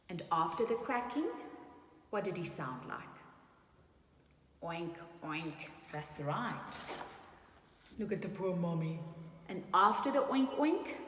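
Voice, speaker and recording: A woman teacher reading a story to small children and then quizzing them in a slow, animated, sing-song way. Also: medium pitch. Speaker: pre-primary teacher. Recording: echoey room with long reverb and faint hiss.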